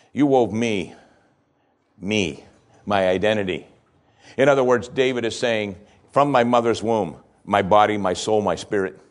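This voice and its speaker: Man preaching a slow, emphatic sermon. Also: lowish voice. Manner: slow emphatic verse reading, rhetorical questions. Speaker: pastor.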